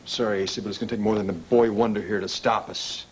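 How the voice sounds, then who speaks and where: A man's voice: lowish voice, steady tone, fast, slightly rough. An actor playing a defiant young man who talks in a sneering, challenging way. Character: defiant young man taking a woman away.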